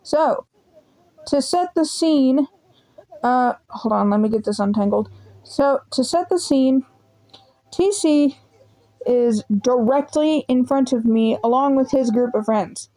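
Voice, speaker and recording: High, mellow-voiced young woman telling a storytime. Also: takes it slowly, low-quality recording. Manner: swearing, rambling, animated retelling. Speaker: vlogger. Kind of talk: casual storytime vlog.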